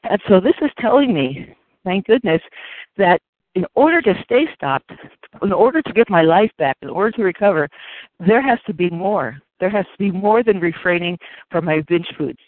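A woman sharing her story at a recovery meeting, earnest and halting, often repeating her phrases. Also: medium pitch, expressive, no room sound. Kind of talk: personal share at a recovery phone meeting. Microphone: phone line. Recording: tinny phone line.

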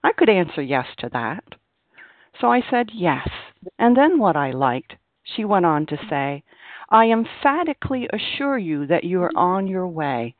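A woman's voice: on the low side, big pitch swings, measured pace, no room sound. A woman sharing her experience at a recovery meeting, earnest and repeating key phrases for emphasis. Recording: dry, tinny phone line.

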